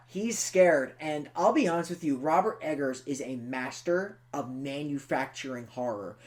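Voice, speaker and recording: A man co-hosting a podcast, chatting casually and excitably about a horror film and teasing his co-host. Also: fairly high pitch. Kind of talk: casual film review chat.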